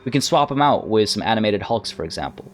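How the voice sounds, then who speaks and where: A man's voice: on the low side, expressive, quick pace, faint music behind. A man narrating his own strategy game, thinking aloud in a hesitant, musing way. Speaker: let's play host. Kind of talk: gameplay commentary.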